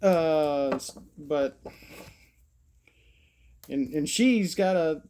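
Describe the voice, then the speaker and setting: Folksy Alabama man, vlogger, meandering self-deprecating monologue, a touch high-pitched. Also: extremely slow, warm tone, a little hiss or hum. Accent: Alabama Southern. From Southern US. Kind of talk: rambling casual monologue.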